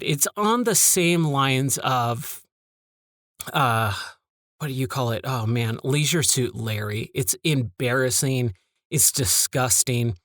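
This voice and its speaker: A man's voice: medium pitch, a bit bright, no echo, studio quality. A man hosting his own podcast, talking casually in a candid, rambling and exasperated way about old video games. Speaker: podcast host. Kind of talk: casual monologue.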